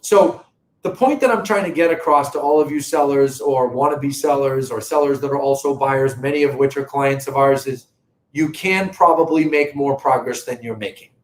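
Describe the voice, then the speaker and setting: Speaking to viewers in a live real estate market update, a middle-aged Boston-accented company host pitches earnestly and emphatically. His voice is mid-range at normal speed, and the low-quality recording sounds roomy.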